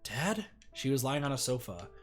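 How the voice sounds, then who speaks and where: A man streaming a game, reading its story text aloud in a measured, even way. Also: mid-range voice, faint music behind.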